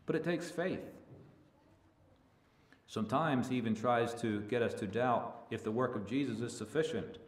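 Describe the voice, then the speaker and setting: A male preacher giving a sermon who swells from hushed to loud and stretches key words. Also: medium pitch, normal speed, pauses often. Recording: echoey room with faint ambience.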